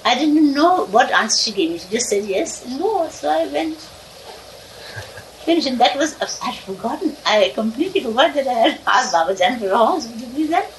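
A woman recalls her childhood in a loose, meandering way, laughing between lines, and her voice rises and falls a great deal. She sits some way from the mic, and a clear background hiss runs under her words. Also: fairly high pitch, expressive, fairly quick, distant mic, rough recording. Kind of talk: casual spoken reminiscence.

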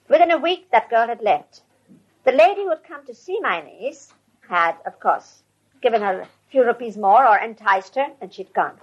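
An older woman tells a story in a rambling, chatty way, her voice husky and fairly high. The recording sounds dull and lo-fi, like old tape. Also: animated, normal speed. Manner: rambling, conversational, with restarts. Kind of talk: casual anecdotal storytelling.

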